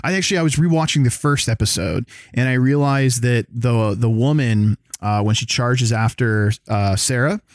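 A man from the American South, chatting casually as a co-host, rambling, excitable and full of swearing. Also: mid-range voice, moderate pace, few pauses, no room sound, clean studio sound. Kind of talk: casual chat.

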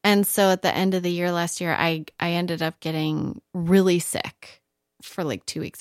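A woman's voice: on the low side, expressive, normal speed, no room sound, studio quality. A woman singer-songwriter talking candidly in an interview, laughing often and swearing freely. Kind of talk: casual interview chat.

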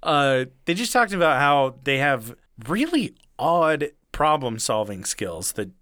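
A man's voice: fairly high pitch, big pitch swings, a little slow, fairly bright tone, no echo, studio quality. A man telling a rambling story in casual chat, chuckling now and then and swearing freely.

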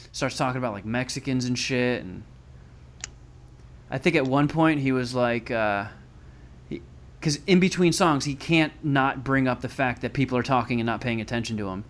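A man's voice: medium pitch, a little hiss or hum. A man telling a crude, sarcastic story in casual chat. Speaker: podcast guest telling a story.

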